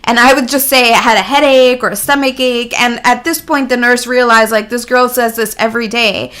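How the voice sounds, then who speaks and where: A woman's voice: fairly high pitch, steady tone, a little fast, a bit bright. A woman guest in an interview, candidly telling a personal story in an earnest, reflective way and laughing lightly mid-sentence.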